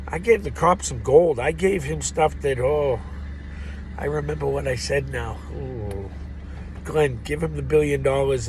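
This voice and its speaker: A man in his fifties from the United States, talking straight to his viewers in an agitated, racing, rambling monologue full of swearing and sudden shouting. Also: mid-range voice, slight background noise. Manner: excitable, profane, rambling with frequent bursts of shouting. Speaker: vlogger addressing viewers. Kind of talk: rambling direct-to-camera monologue.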